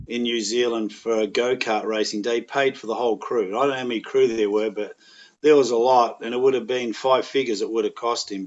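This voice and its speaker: A middle-aged Australian man telling rambling, animated anecdotes in a casual chat, with voiced quotes. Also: medium pitch, highs cut off. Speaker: podcast guest, actor.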